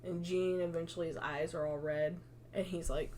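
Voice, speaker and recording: A woman co-hosting a podcast, casually retelling a story with quick asides, swearing and frequent laughter. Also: fairly low pitch, fairly even intonation, crowd noise. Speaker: podcast co-host. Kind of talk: casual chat, retelling a fanfic with quoted voices.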